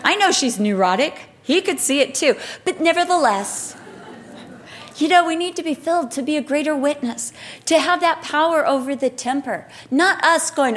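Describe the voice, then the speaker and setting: Lively woman preaching with stories. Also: high-pitched, moderate pace. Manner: lively storytelling, acts out quotes, laughs at herself. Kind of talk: sermon with personal stories.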